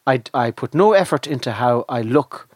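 Man in his fifties, podcast co-host, slightly husky voice, rambling storyteller, dry close sound. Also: mid-range voice, animated, moderate pace, no room sound. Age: 50s. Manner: rambling, self-deprecating storyteller. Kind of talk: casual chat.

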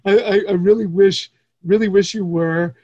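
A man's voice: high voice, fairly even intonation, moderate pace, darkish tone, no echo, muffled recording. A man hosting a podcast, enthusiastic and stammering through restarts as he chats. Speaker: podcast host. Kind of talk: casual interview chat.

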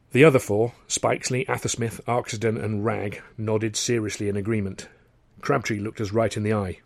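A man narrating his own novel in a wry, measured way. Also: fairly low pitch, level tone, gravelly, dry recording. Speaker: author and narrator. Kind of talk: scripted audiobook narration.

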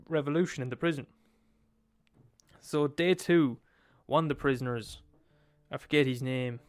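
A man's voice: medium pitch, clean tone. Swearing man telling a story. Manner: profane, swears freely, acts out quotes. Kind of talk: casual storytelling.

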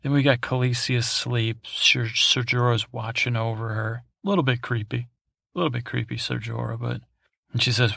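A man's voice: medium pitch, normal speed, creaky, sharp tone, no room sound, studio quality. A man hosting a sleep podcast, recapping in a meandering, digressive way full of fillers and restarts. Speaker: podcast host.

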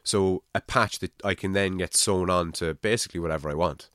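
A man's voice: low-pitched, a little fast, fairly bright tone, dry recording, studio quality. A man from Ireland with a Navan accent, hosting a podcast in casual, rambling chat and swearing freely. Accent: Navan, Irish. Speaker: podcast host.

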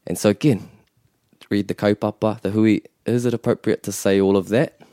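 Deep, mellow New teacher. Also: male voice, steady tone, moderate pace, no room sound, studio quality. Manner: patient explaining, switches into Māori phrases. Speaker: language teacher. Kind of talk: relaxed podcast lesson.

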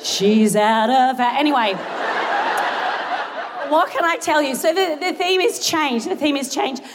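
A young woman with an Australian accent does self-deprecating stand-up in a big theatre, giggling and excitable, her voice high but her pace measured. Crowd noise fills the live recording as people laugh and cheer.

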